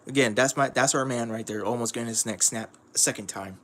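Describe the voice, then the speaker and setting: A man's voice: mid-range voice, fast talker, a bit bright, a little hiss or hum. A man streaming casual commentary on a manga, rambling with lots of fillers and frequent chuckles.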